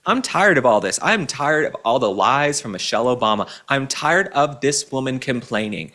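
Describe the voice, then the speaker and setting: Animated, sarcastic male political commentator. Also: high-pitched, brisk, hardly any pauses. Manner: sarcastic, mocking, indignant. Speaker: host.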